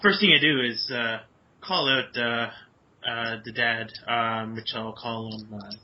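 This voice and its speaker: A man's voice: medium pitch, steady tone, measured pace. A man playing in a storytelling game, describing what his character does in a rambling, self-correcting way. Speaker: player. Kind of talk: casual in-game talk. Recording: dull lo-fi audio.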